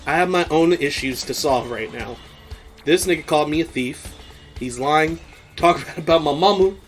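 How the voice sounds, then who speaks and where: A man's voice: fairly high pitch, normal speed, soft background music, lightly acted. A man voicing a defiant, hotheaded teenage delinquent boy who talks bluntly in street slang.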